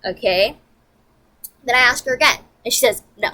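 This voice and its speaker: A woman vlogger telling a story in a profane, animated, emphatic rant. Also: on the high side, moderate pace, rough recording.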